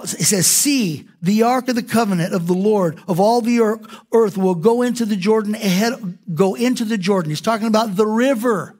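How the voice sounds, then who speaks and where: A man preaching a sermon as pastor, animated and acting out quoted prayers in different voices. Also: high-pitched, normal speed.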